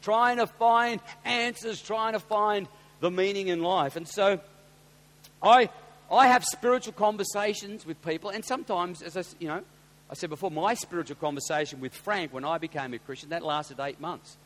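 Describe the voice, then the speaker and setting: An Australian pastor with a notably high voice, preaching through personal anecdotes. He drops to near-whispered asides and then bursts into loud, excited exclamations. The sound rings with the long reverb of a large church auditorium. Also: normal speed. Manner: animated storyteller, swings from hushed asides to loud exclamations.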